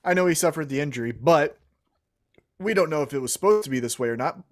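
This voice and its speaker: A man co-hosting a wrestling podcast in casual chat, animated, with quick asides and some swearing. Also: on the high side. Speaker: co-host.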